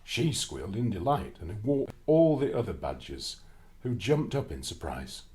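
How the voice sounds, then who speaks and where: A man reads a children's storybook aloud in a fairly low voice. His pitch rises and falls a great deal, and his reading is expressive and lively. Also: moderate pace, slight background noise.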